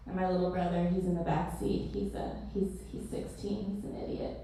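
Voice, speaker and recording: A woman's voice: fairly low pitch, little pitch movement, moderate pace, mellow, slight background noise. A woman doing stand-up, telling a family story in a chatty, understated way. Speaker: stand-up comedian. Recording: echoey room, voice from far off.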